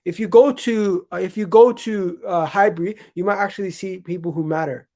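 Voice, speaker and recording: A man's voice: high voice, a little fast. Guy streaming football chat live, emphatic, says stuff twice, talks straight to the chat. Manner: animated, emphatic, repeats himself; chatty, addresses chat directly. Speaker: football channel host.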